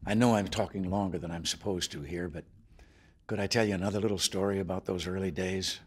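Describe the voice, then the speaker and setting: Husky older man telling a folksy story. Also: low voice, fairly even intonation, brisk. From United States. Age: 70s. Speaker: president addressing luncheon guests. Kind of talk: after-lunch speech with anecdote. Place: formal dining room indoors.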